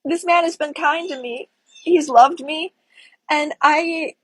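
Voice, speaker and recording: Young woman, high and breathy-husky, close dry phone sound, tearful breakup storyteller. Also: slow, a bit bright, no room sound, poor audio. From Florida. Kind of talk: emotional storytelling to camera.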